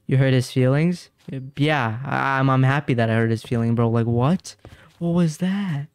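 Here a young man gives casual commentary to his stream chat during a game, skittish and meandering, often repeating lines when startled. His medium-pitched voice is clear and resonant at a normal speed. A dry close mic with no echo picks him up over faint game music.

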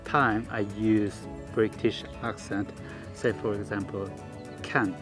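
A woman from southeast Korea whose first language is Korean, speaking English in halting chat and searching for her words. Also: a bass voice, little pitch movement, music in the background. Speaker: co-host. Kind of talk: casual chat.

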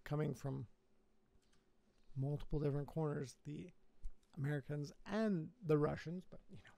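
A man's voice: on the high side, moderate pace, vocal fry, warm tone, dry recording. A man streaming, making sarcastic, mocking asides while reacting to a video. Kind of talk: casual reaction commentary.

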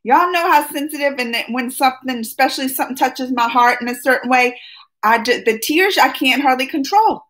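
A woman hosting a casual live chat with her viewers, excitable and talkative, laughing often as she chats at home. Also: high voice, brisk. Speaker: livestream host. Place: at home, just woken up.

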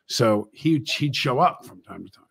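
A man's voice: medium pitch, animated, normal speed, vocal fry, fairly bright tone, husky, dry recording. A middle-aged man hosting a talk show, telling rambling anecdotes in casual chat.

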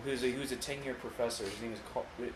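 A man's voice: medium pitch, fairly even intonation, quick pace. A man co-hosting a podcast, telling a rambling, profane story in casual chat. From United States. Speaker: podcast co-host. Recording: roomy studio with noise.

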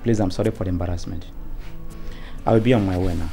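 A Nigerian-accented actor playing an exasperated father who shouts at his wife and apologizes to the doctor in a film drama. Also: deep voice, fairly even intonation, quick pace, creaky, faint music behind. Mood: apologetic.

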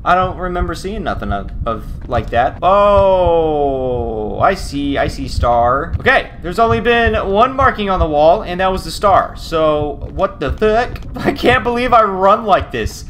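A man's voice: fairly high pitch, measured pace, a little hiss or hum. A man giving loose, profane commentary while playing a horror game, often yelping and laughing when something startles him. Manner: excitable, swears a lot, yelps when startled. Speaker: gaming YouTuber.

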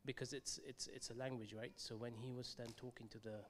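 A man's voice: mid-range voice, flat delivery, brisk, a little hiss or hum. A man in the audience of a talk, asking a question hesitantly, with fillers and restarts.

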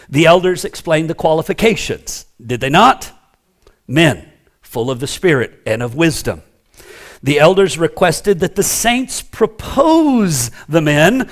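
A pastor leads his congregation through a teaching sermon, his voice sitting a little higher than most men's. He is emphatic but conversational, and he often turns aside to check in with his listeners.

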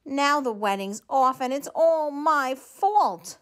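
A woman's voice: high voice, expressive, takes it slowly, fairly bright tone, voice pushed up, heavily acted. A woman reading a storybook aloud and voicing a gallant, eager male caterpillar groom in an earnest, exclaiming way. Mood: upset.

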